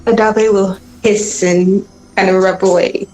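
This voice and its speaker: A woman's voice: medium pitch, flat delivery, measured pace, warm tone, low-quality recording. A woman playing a tabletop role-playing game, casually describing what her character does. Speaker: player.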